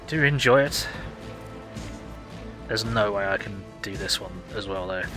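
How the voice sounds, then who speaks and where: A man casually commenting while playing a video game, reading its text aloud and reacting loudly to his dice results. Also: on the low side, a little slow, pauses often, faint music behind. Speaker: gaming video host.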